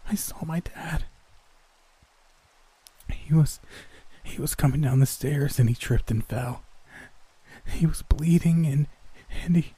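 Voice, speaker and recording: A man voicing a sick young woman with a scratchy, hoarse voice, breathing hard and shaken. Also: mid-range voice, normal speed, dark tone, dry recording, pitched above the performer's own voice. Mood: panicked.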